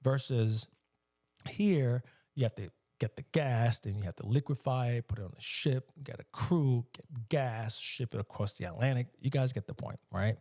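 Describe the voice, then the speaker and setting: A man from the United States giving animated, emphatic solo commentary, often slipping into mocking voices. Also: medium pitch, normal speed.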